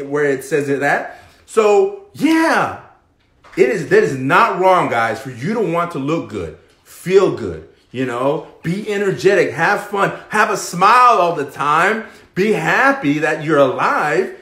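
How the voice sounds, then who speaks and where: Male fitness live-streamer, pep-talk delivery, swings between loud and hushed, roomy echo. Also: a little high, sing-song, slow. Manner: pep-talk, keeps asking "okay?" and "right?".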